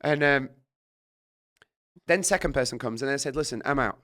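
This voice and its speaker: A middle-aged British man telling a story in casual chat, animated and swearing, acting out his own reactions. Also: medium pitch, quick pace. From Britain. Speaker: guest.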